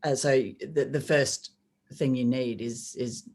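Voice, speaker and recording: Australian woman sports presenter, really deep voice, measured and thoughtful, laughs easy. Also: steady tone, darkish tone. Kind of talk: podcast interview.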